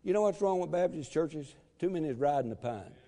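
A man preaching a sermon to his church, emphatic, calling for amens and shouting at the peaks. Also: on the high side, expressive, a little fast. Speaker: pastor. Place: church sanctuary. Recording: long reverb of a church hall.

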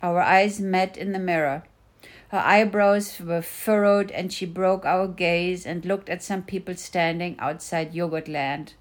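A woman's voice: on the low side, fairly even intonation, measured pace. A middle-aged woman reading her own first-person memoir with dry, wry storytelling. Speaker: mother narrating a personal story.

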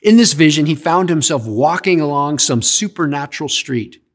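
A man delivers a sermon with a fairly high voice that swings up and down in lively arcs. He keeps questioning his listeners as he preaches. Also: normal speed. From Canada. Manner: animated, questions the audience. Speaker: pastor.

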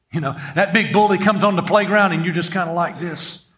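High, bright-voiced energetic male preacher. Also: moderate pace. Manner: energetic, playful, leads the congregation in call-and-response. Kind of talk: sermon.

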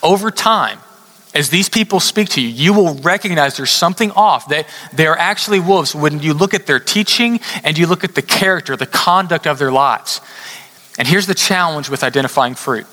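A man preaching a sermon, telling a story in a conversational way and slowing down hard to stress his points. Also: fairly high pitch, lively intonation, pushed and bright. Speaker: pastor. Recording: long hall reverb.

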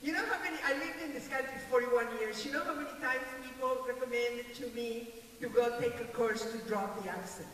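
An older woman with a non-native English accent preaches in an emphatic, bright voice, repeating key phrases. She is heard from a distance in an echoey church hall with a long reverb and a faint hiss behind her. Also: fairly high pitch, brisk, hardly any pauses. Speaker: pastor. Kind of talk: sermon. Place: church sanctuary.

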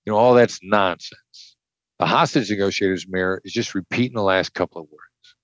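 A man's voice: sits low, a little fast, no room sound, muffled recording. An older man from the Midwest, a former hostage negotiator, explaining his techniques bluntly and emphatically in an interview. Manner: emphatic, blunt, repeats key points. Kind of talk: conversational explanation.

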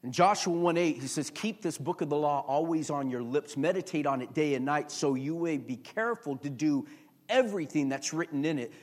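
Pastor, male, fairly high voice, casual preaching style, climbs to loud emphatic peaks. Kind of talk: sermon. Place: church before a congregation.

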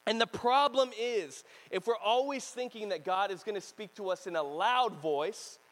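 A male pastor preaching a sermon in an animated way, swinging between loud bursts and hushed stretches and laughing often. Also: sits high, normal speed, rough recording.

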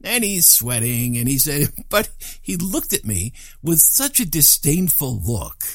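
An older man telling a personal story in an animated, self-deprecating way, with chuckling asides. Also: on the high side, unhurried, no echo, studio quality.

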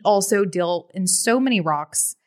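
A woman's voice: medium pitch, animated, a little slow. Chatty woman podcast host. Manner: chatty, lots of filler "like", laughs easily. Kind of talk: casual chat.

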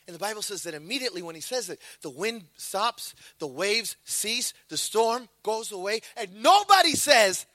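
A man preaching to his congregation in an animated, storytelling sermon, slipping into acted voices. His voice sits very high and bright, with a lively, swinging pitch. The sound is dry and close. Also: a little fast, no echo.

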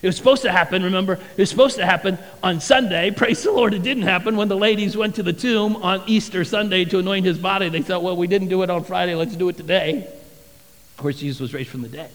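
A male pastor preaching a sermon with animated, dramatic storytelling in a church sanctuary. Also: high voice, a little fast, long reverb tail, low-quality recording.

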